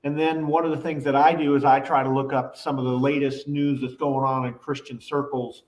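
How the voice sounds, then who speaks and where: A man who is a guest podcaster, explaining his show's plans in a measured way with some joking. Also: medium pitch, flat delivery, a little mellow, echoey room, low-quality recording. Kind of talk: casual chat.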